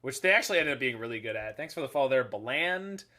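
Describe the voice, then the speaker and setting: A man's voice: medium pitch, expressive, quick pace, bright, forceful tone. A man casually commenting while he streams a card game, rambling with lots of filler and jokey asides. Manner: jokey asides, laughs at his own remarks.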